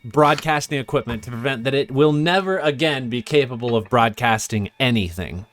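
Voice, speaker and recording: A man's voice: medium pitch, normal speed, a bit bright, a little hiss or hum. A man running a tabletop sci-fi game as game master, describing scenes loosely with lots of fillers.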